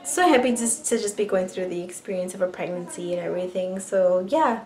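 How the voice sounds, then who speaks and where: A woman's voice: lowish voice, brisk, darkish tone. A young woman vlogger casually telling a personal story to camera, chatty and full of fillers. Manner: chatty, many likes and ums, restarts.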